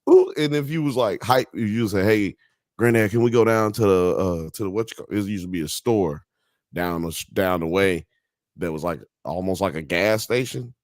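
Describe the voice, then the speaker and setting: A man with a Southern US accent hosting a casual podcast chat, telling loud, animated stories full of impressions. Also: low-pitched, moderate pace, no room sound, clean studio sound. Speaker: podcast host.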